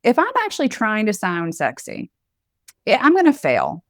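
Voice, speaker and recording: A woman co-hosts a podcast, chatting casually in a candid, playful way and laughing often. Her mid-range voice swings hugely in pitch and sounds fairly bright at a moderate pace, recorded cleanly in a studio with no room sound.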